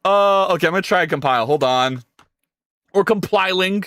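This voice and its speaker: A man's voice: high-pitched, fairly quick, a bit bright. A man streaming live while coding his game, thinking aloud in a rambling way, swearing and talking to his chat.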